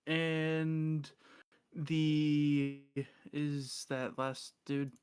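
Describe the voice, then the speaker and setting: A tabletop player talks very slowly, pausing often to think. The voice is smooth and clear, with no roughness at all. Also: medium pitch, level tone. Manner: halting, thinks aloud with many fillers. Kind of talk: casual tabletop play.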